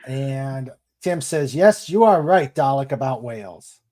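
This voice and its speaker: A man hosting a casual livestream, chatting and reading viewer comments aloud in an unhurried way. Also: medium pitch, expressive, dark tone. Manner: unhurried, chatty, laughs at jokes. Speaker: livestream host.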